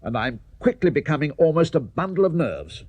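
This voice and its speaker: Nervous, fussy clock cuckoo, always in a rush, as a male storyteller puts it on; husky, lively pitch, dry sound. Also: dry recording. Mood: flustered. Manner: fussy, anxious and hurried. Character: flustered, overworked little cuckoo in a clock.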